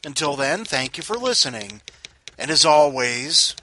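A man hosting a podcast of short comic stories, reading them with wry, deadpan asides. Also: fairly high pitch, a little slow, slight background noise. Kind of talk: scripted story reading.

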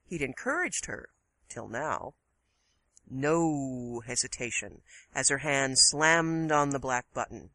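A woman reads a short story aloud in a slow, unhurried voice. Her pitch moves a lot and her tone is bright. The recording is dry and close. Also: expressive, dry recording. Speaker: guest story reader.

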